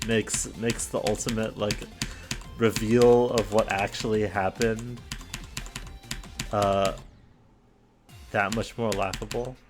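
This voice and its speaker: A man's voice: fairly low pitch, level tone, takes it slowly, long pauses, faint music behind. A young man hosting his own show in a casual solo monologue, rambling and self-deprecating with many restarts, a little out of breath. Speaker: host.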